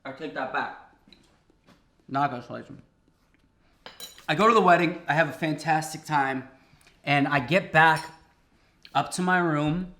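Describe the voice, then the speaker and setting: Male cooking host with a bright, upbeat voice, spinning comic stories with lots of laughs. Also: fairly high pitch, a little slow, long pauses. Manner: animated, laughing, conversational. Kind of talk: comic storytelling while cooking.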